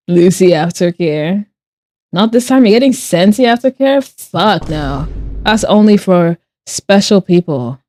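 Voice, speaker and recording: A woman's voice: fairly low pitch, animated, slow pace, dark tone, no echo, studio quality. A woman art streamer who chats casually while she draws. She reads her chat aloud, answers with playful sarcasm and laughs often.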